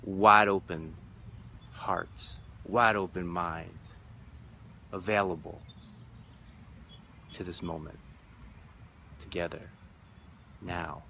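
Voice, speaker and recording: A man with a lowish, bright, forceful voice reflects on a retreat in a live stream. He repeats phrases in a rhythmic, emphatic way, and faint traffic noise sits behind him. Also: fairly even intonation, very slow, pauses often. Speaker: spiritual retreat leader. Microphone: phone or webcam live stream.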